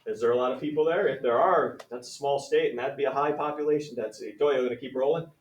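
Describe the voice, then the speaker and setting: Recorded from a distance in an echoey classroom, a man teaches a math lesson quickly at medium pitch. He's upbeat and conversational, calling on students by name.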